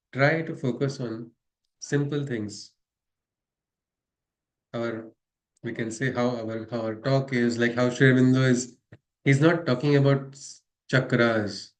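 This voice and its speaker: A man with an Indian English accent, reading spiritual letters aloud and explaining them in a conversational way, often ending on a tag question. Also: mid-range voice. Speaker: spiritual study-circle leader.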